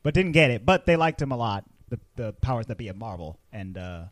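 A man's voice: medium pitch, very animated, fairly quick, no echo. A man co-hosting a casual film podcast, jokey and laughing often. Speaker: podcast co-host.

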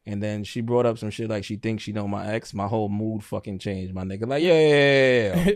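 A man's voice: lowish voice, little pitch movement, fairly quick, warm tone, dry recording, clean studio sound. A young man co-hosting a podcast, talking in a laid-back, slangy, profane way. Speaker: podcast co-host. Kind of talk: casual chat.

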